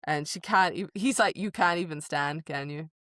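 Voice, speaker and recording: A woman's voice: low voice, moderate pace, fairly bright tone, no room sound, clean studio sound. A woman co-hosting a book podcast in casual chat, animatedly retelling scenes, acting out quoted lines and laughing often.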